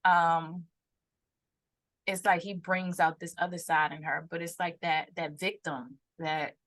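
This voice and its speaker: A woman's voice: fairly low pitch, unhurried. A young adult woman co-hosting a podcast in casual chat, telling stories and acting out what people said. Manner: animated storytelling, acts out quotes. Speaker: podcast co-host.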